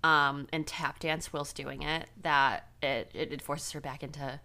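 A young woman co-hosts a casual podcast in a slightly low voice with a bright, sharp edge. Her enthusiasm is playful, and she likes dramatic overstatement. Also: flat delivery, a little slow, vocal fry. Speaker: podcast co-host. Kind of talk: casual chat.

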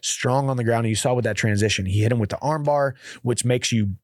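A man's voice: fast talker, dry recording. Man, coach and host, casual fight breakdown, punchy play-by-play calls, close dry studio sound. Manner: animated play-by-play with "boom" exclamations.

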